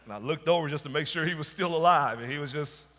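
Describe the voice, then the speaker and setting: Southern pastor preaching in a reverberant church. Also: male voice, a little high, fast. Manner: storytelling, builds to loud emphatic preaching. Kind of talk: sermon. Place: church sanctuary.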